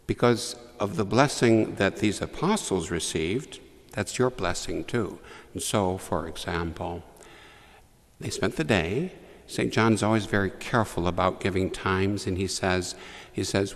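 A man preaching a homily to children in a church, telling the story with lively asides to the young listeners. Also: deep voice, measured pace, in a large hall. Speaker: priest.

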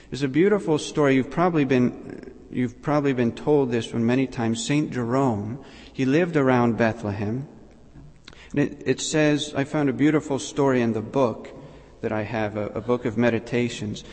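A man preaching a sermon in a measured, reflective way, pausing between short phrases. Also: medium pitch, darkish tone. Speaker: priest. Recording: long reverb in a large hall.

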